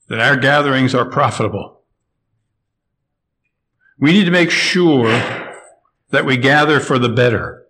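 A man preaching an expository sermon, measured and emphatic, slowing down to stress key phrases. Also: mid-range voice, a bit bright, rough recording.

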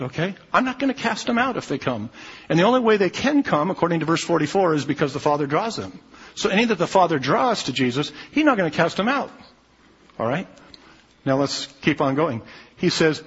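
A man preaching a sermon in a somewhat high, husky voice, stressing his points and checking in with his listeners. The sound is muffled, with a long reverb from a large church hall. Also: very animated, a little fast, fairly bright tone. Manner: emphatic preaching with frequent "okay?" check-ins. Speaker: pastor.

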